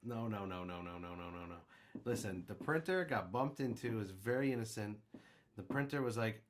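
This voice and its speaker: A young man co-hosting a casual podcast, rambling through joking stories and quiz questions. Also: a little fast. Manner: rambling, joking storyteller with lively swings in pitch. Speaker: podcast co-host. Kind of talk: casual chat.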